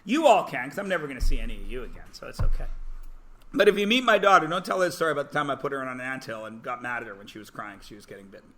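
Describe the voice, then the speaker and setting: Bright-voiced joking male math teacher. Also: medium pitch, very animated, rapid-fire. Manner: joking, self-deprecating, prodding students to guess. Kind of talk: classroom lecture. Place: classroom.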